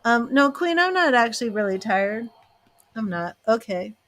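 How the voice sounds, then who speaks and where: A woman's voice: on the high side, big pitch swings, a bit bright. A woman giving live tarot readings, chatting to viewers, reading their questions and turning cards, emotional and chatty. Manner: slow, chatty, emotional, talks to viewers by name. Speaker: tarot reader and psychic.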